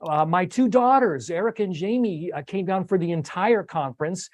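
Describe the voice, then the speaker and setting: An older man hosts a relaxed talk with a slightly high voice, rambling and restarting his sentences with plenty of fillers. The sound is dry and close, with no room behind him. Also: moderate pace, dry recording. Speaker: host. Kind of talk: casual recap talk on a video stream.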